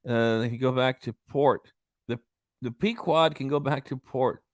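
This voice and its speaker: A man's voice: medium pitch, moderate pace, no echo, clean studio sound. A man hosting a livestream, rambling with many fillers and restarts as he greets commenters. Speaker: livestream host.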